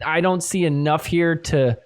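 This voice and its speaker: A man's voice: a little high, a little slow, clean tone. A man hosting a podcast, recapping match clips and acting out the players' reactions. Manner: animated, acts out players' reactions. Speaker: podcast host.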